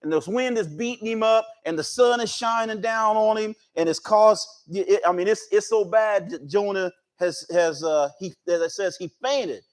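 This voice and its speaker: A man's voice: high-pitched, normal speed, few pauses. An American man preaching a folksy, conversational Bible lesson, often repeating and restarting his words.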